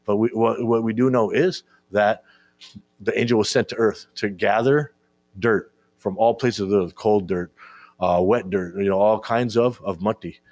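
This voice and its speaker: Man, low voice, dry close sound, informal sermon, keeps asking "right?". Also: moderate pace, a little mellow, no echo. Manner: repeats words when searching for them. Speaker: speaker at a religious gathering. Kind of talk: informal sermon to young listeners.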